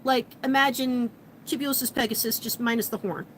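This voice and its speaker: A woman with a slightly high voice tells a story in a casual vlog, chatty and animated, sprinkling in fillers and laughs. A faint hiss sits behind her voice. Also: normal speed, low-quality recording. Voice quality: chatty, animated retelling with frequent likes and laughs. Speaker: vlogger.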